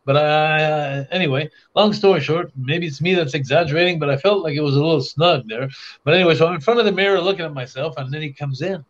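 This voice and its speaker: A man's voice: a little high, quick pace, muffled recording. An older man from Canada, a guest on a podcast, telling long rambling anecdotes with frequent restarts and bursts of laughter. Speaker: interview guest. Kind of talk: casual storytelling.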